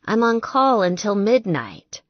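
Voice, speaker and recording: A woman's voice: medium pitch, big pitch swings, unhurried, dry recording, muffled recording. A woman narrator voicing a busy young woman with a light, cheerful voice, kind but apologetic.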